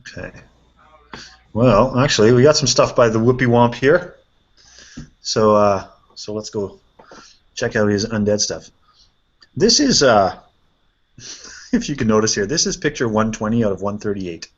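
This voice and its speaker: A man hosting a casual chat, reviewing painted miniatures in a relaxed way and thinking aloud with fillers. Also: lowish voice, unhurried, long pauses. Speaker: host. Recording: dull lo-fi sound.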